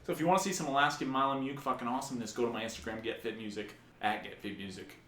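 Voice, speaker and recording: Fast-talking man hosting a casual podcast. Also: mid-range voice, fairly even intonation, a bit bright. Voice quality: fast-talking, loose and profane. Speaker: podcast host and fitness coach. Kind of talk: casual chat. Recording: echoey room, faint noise.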